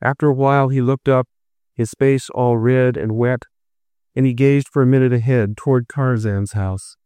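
Smooth-voiced male story narrator. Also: mid-range voice, fairly even intonation, normal speed, dark tone, no room sound. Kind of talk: first-person story narration.

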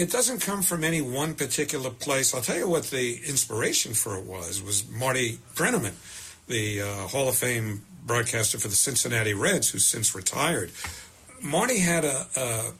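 An older man, a veteran baseball broadcaster telling stories in an interview, measured and warmly reflective. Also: medium pitch, husky. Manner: measured, animated when quoting himself.

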